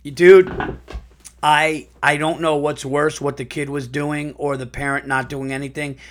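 Animated, swearing male podcast host. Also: a little high, measured pace. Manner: animated, profane, laughs while reading. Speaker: podcast host reading listener stories. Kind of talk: casual podcast chat.

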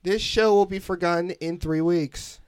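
A man with a notably high voice makes wry, dry remarks and corrections in a casual podcast chat. He jumps in to push back on what the others say. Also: moderate pace, smooth. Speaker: podcast co-host.

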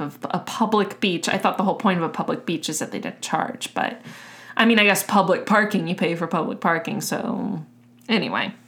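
A woman's voice: medium pitch, fairly bright tone. A woman co-hosting a podcast in casual chat, chatty, with frequent fillers and laughs. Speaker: podcast co-host.

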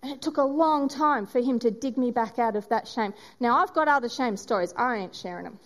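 A woman giving a sermon, telling a story and acting out its voices with dramatic pauses. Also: on the high side. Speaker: preacher.

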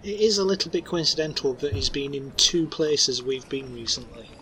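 A man's voice: mid-range voice, normal speed, pushed and bright, rough recording. A man playing a tabletop game, making dry asides. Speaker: player.

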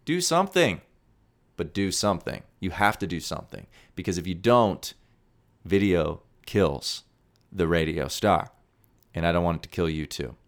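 A man with a deep, low voice hosts a solo podcast. He talks with salesy excitement and jumps between pitching and quick muttered asides. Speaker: podcast host. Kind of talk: energetic solo podcast monologue.

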